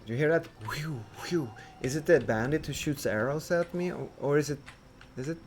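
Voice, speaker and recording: A man's voice: fairly high pitch, brisk, slight background noise. A man streaming a building game, rambling and questioning himself as he thinks aloud. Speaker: gameplay streamer. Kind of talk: casual gameplay commentary.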